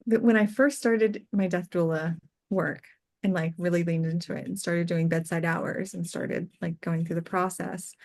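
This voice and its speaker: A woman working as a death doula, guest on an interview show, telling personal stories earnestly, full of "like" fillers, her voice going soft and quiet on tender points. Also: on the low side. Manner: earnest and heartfelt, peppered with "like" fillers. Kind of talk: casual interview storytelling.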